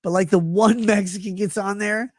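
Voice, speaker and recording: A man in his thirties, a live streamer on a rambling, crude comedic rant that swings between mumbling and shouting. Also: high-pitched, fairly even intonation, moderate pace, no room sound, clean studio sound.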